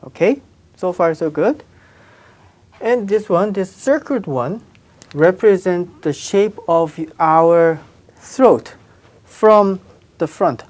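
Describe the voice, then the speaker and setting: Slow, low-voiced woman teaching sounds. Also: animated, darkish tone. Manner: patient, repeats sounds slowly, checks with "right?". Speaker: Korean language teacher. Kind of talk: slow explanatory lesson with spoken examples.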